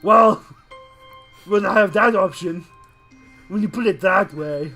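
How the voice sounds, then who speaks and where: A man's voice: high-pitched, takes it slowly, pushed and bright, faint music behind. A young man co-hosting a let's play, wry and teasing. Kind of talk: comedic game commentary.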